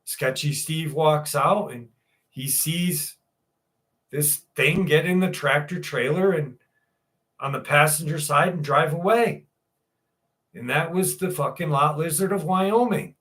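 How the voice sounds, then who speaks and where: A man hosting a live talk show, telling a crude, profane story in a casual way and building it up with pauses. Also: on the high side, a bit bright. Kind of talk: casual storytelling, acting out the characters.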